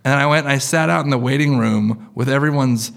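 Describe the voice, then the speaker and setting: Guy in his 30s or 40s telling a story on stage, super chatty, lots of "like", gravelly creaky voice. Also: mid-range voice, a little fast. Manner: loose and conversational, full of "like" and "you know". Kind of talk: live personal storytelling.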